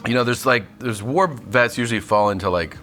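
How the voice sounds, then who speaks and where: A man's voice: medium pitch, a little fast, fairly bright tone, soft background music. A man being interviewed as a guest comedian, telling casual, matter-of-fact stories and laughing often as he talks. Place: kitchen studio.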